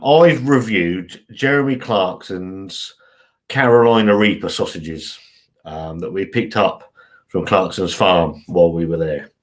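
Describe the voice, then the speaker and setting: A man, chatting casually and rambling on a live stream, swearing freely. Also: fairly low pitch. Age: 40s.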